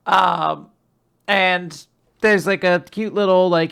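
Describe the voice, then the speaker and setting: A podcast host casually recapping manga chapters, rambling and animated, with frequent asides. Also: mid-range voice, measured pace, vocal fry, clean tone. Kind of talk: casual chat.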